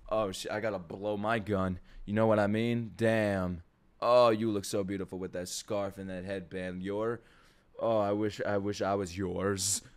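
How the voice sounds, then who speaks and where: A young man giving a profane, jokey reaction to an anime opening, swinging between low murmurs and excited shouts. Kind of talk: live reaction commentary.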